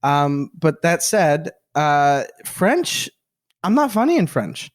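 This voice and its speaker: A man from Quebec, a comedian guest on a podcast, chatting in an animated, self-deprecating way. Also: a little high, slow, dry recording, clean studio sound. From Quebec, Canada. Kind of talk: casual chat.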